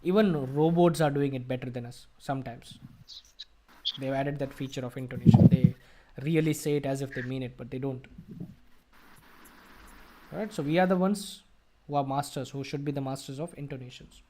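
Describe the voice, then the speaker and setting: An IELTS tutor with an Indian English accent runs an online English speaking class, explaining material and quizzing his students with questions. His mid-range voice has a dark tone, and he moves at a moderate pace with frequent pauses.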